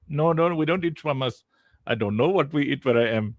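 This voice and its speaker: A man hosting a casual live stream in a goofy way, jumping into silly squeaky voices and laughing as he chats with his community. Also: animated, fairly quick, no room sound.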